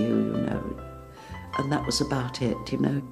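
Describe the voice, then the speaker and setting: Older lady remembering things, gravelly voice, pauses a lot. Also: rumbling low, fairly even intonation, music in the background. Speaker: interviewee. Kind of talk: reminiscing interview.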